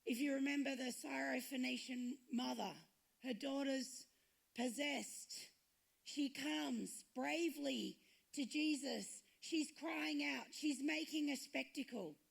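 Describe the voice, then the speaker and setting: A woman pastor delivers a sermon at a slow, deliberate pace. Her voice sits high and carries a gravelly edge. She slips into the voices of the people in her stories as she retells them. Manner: acts out quoted lines in retelling stories.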